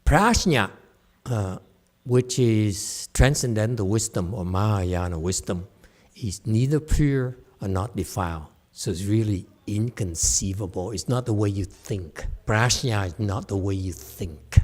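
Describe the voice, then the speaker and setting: A man's voice: on the low side, unhurried, darkish tone. A middle-aged man, a Buddhist teacher, giving a chatty dharma lecture with digressive asides and frequent laughs. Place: temple hall.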